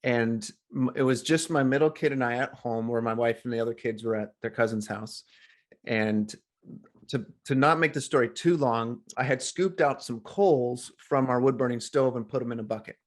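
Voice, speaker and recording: A middle-aged man, a coach, telling a story as a podcast guest in a lively, animated way. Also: mid-range voice, normal speed. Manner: animated storyteller, acts out quoted voices. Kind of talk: casual storytelling interview.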